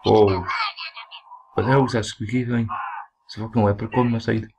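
A Scottish man giving excited, foul-mouthed let's play commentary, trash-talking the game as he plays. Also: fairly low pitch, fairly quick. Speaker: gaming commentator. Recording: noisy home recording.

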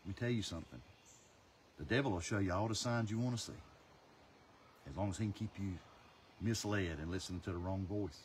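A man from North Carolina, preaching a passionate sermon as an evangelist. His delivery swings between loud, urgent stretches and hushed ones. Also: low voice, a little fast, pauses often, a little hiss or hum. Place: outdoors.

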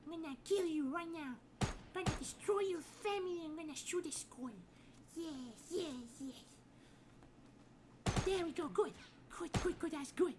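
A stammering, whiny little boy, squeaking in a very high voice and repeating his words. He calls for his mama and swears he's a grown man. A steady hiss of background noise runs under his voice. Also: moderate pace, pauses often. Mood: childish, whiny. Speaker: game streamer. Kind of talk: comedic gameplay role-play.

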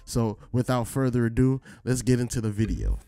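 A man's voice: medium pitch, normal speed, gravelly, over music. A man hosting a reaction video, chatting casually in slang and saying "bro" often. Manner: laid-back slangy, says bro a lot. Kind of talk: casual chat.

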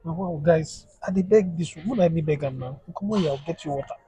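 A man's voice: on the high side, fast talker, dark tone, breathy edge. A Nigerian man on a couple's vlog, pleading and joking with his wife in Pidgin-flavored English. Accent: Nigerian, mixing in Pidgin. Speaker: vlogger. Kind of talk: casual couple vlog banter.

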